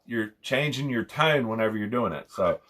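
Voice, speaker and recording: A man's voice: medium pitch, moderate pace, heavy background noise. A young man casually explaining hunting calls, rambling and repeating himself as he demonstrates. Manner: rambling, repeats phrases, imitates owl hoots. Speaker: hunting call instructor.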